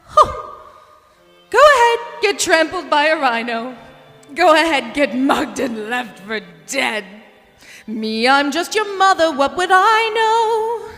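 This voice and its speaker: A woman's voice: high-pitched, animated, slow, sharp tone, big-room sound, faint music behind, exaggerated voice. A woman playing a possessive, manipulative mother, singing and speaking her lines with theatrical drama in a live cabaret. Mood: theatrical guilt-trip. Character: possessive manipulative middle-aged mother, guilt-tripping.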